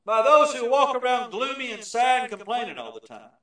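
A high-pitched male preacher delivers an emphatic sermon, swinging between booming points and quiet asides. He is heard from some distance off the mic, and the sound rings through a very echoey church hall. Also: sing-song, fairly quick. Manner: emphatic, varies volume from loud to hushed.

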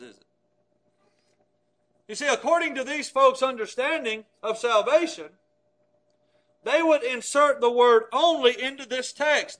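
A man with a very high voice delivers a sermon. He talks emphatically, punching some words hard and letting others fall away to a hush. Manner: emphatic, swings from loud stresses to hushed low phrases. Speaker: preacher.

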